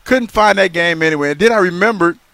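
Animated man on sports radio, close dry mic. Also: high-pitched, fast talker, gravelly, dry recording. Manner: animated storyteller who repeats and restarts phrases. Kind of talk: casual sports radio banter. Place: live remote broadcast at a racetrack. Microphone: broadcast microphone.

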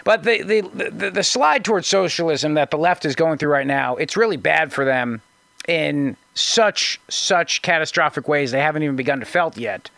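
Male radio host, fairly high voice, dry booth sound, sarcastic commentary with frequent restarts. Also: normal speed, gravelly, fairly bright tone, dry recording. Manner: sarcastic, mocking, restarts often. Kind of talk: conservative talk radio commentary.

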